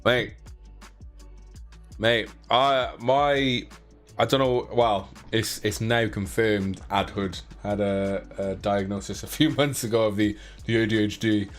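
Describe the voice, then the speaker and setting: A man's voice: fairly low pitch, steady tone, slow pace, faint music behind. A young man casually hosting a giveaway live stream, chatting playfully, cracking jokes and counting down. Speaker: giveaway live draw host.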